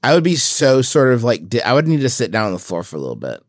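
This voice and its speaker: A man on a comedy podcast who jumps in with incredulous retorts, his pitch swinging widely. The sound is dry and close-miked. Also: huge pitch swings, fast talker, no room sound. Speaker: podcast co-host.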